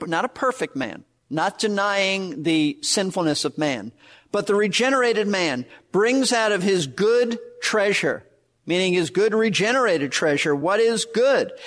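A man's voice: high-pitched, a bit bright. A man preaching a verse-by-verse sermon, earnest and emphatic, repeating key words. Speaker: pastor.

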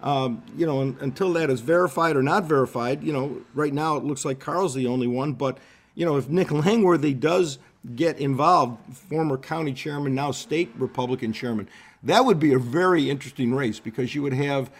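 An older man, a political commentator explaining events in a measured, explanatory way on a radio interview. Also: medium pitch. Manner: measured, explanatory, with repetitions and fillers.

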